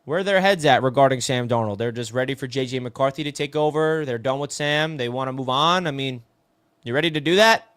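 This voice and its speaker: A man's voice: mid-range voice, fairly quick, few pauses, a bit bright, smooth, no room sound. Casting: New man, live sports stream host, casual and chatty, close dry mic. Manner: chatty, answers viewer comments, says "bro" a lot. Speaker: sports talk show host reading live chat.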